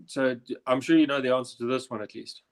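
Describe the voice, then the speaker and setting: A young South African man hosting a comedy quiz over a video call, chatty and animated as he tells stories. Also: medium pitch, fast. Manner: chatty, animated anecdote-telling. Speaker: quiz host. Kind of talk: casual quiz hosting and storytelling.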